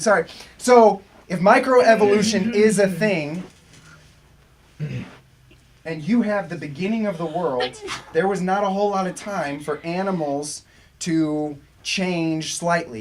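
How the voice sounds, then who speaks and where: A man's voice: fairly high pitch, slight background noise. A man teaching a youth group a casual Bible lesson, chatting with asides and questions to the group.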